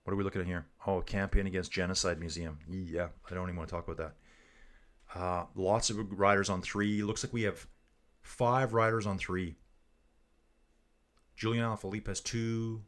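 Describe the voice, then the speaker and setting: Man, lowish voice, livestream race commentator; loose, jokey, chats with viewers. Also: steady tone, normal speed. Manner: chatty, jokey, reads viewer comments aloud. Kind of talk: casual live commentary reading chat.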